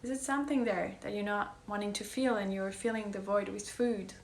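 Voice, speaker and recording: A woman's voice: mid-range voice, steady tone, a little fast, vocal fry, echoey room. A woman coach talking earnestly in a casual heartfelt monologue, pressing her points and sometimes sinking to a whisper. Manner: earnest, emphatic, drops to whispers. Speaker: wellness coach.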